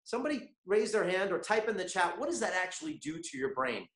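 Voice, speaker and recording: Animated man coaching an online audience. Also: high-pitched, quick pace, reverberant. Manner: animated, keeps asking the chat audience questions. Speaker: webinar host. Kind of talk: motivational online masterclass.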